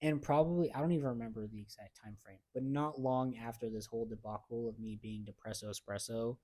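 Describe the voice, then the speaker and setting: A man's voice: medium pitch, steady tone, brisk, darkish tone. A young man co-hosting a podcast, telling a personal story in slangy casual chat with acted-out quotes. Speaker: podcast co-host.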